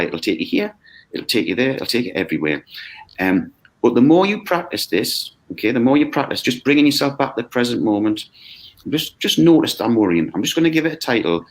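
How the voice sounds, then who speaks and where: A man who runs a mindfulness course talks in a lively, conversational way, acting out quoted voices and checking in with "okay?". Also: medium pitch, brisk. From United Kingdom. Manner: animated, acts out quoted voices, frequent "okay?". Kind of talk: conversational explanation. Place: video call.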